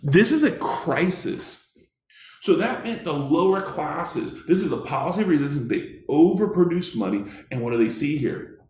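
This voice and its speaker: A man's voice: a little high, expressive, normal speed, a little mellow, reverberant. A man teaching a history lecture in an emphatic way, often restarting his sentences. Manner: emphatic, many restarts and fillers. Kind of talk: recorded classroom lecture.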